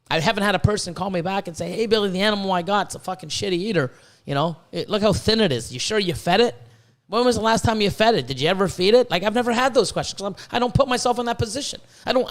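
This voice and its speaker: A man hosting a podcast, ranting in a rambling, profane way and stumbling over repeated words. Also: high-pitched. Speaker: podcast host, reptile breeder. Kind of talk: casual podcast rant.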